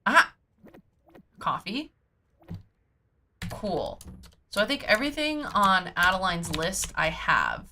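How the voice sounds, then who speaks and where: With a mid-range, pushed, bright voice and big pitch swings, a woman speaks slowly and pauses often over a little hiss or hum. She's streaming a cozy farming game from home, goofily chatting to herself and humming and scatting while sorting items.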